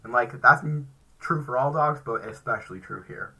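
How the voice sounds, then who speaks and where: A man's voice: mid-range voice, moderate pace, pushed and bright, rough recording. A man co-hosting a casual chat show, giving blunt, dry-humored opinions. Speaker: podcast co-host. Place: home recording, live stream.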